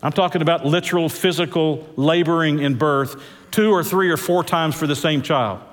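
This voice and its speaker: A man preaches a sermon with a somewhat high voice. He drags out key words and leaps up and down in pitch to drive points home. A long reverb from the large hall trails behind him. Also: moderate pace. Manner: preaching with big swings of pitch, stretched words for emphasis. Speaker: pastor. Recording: echoey church hall.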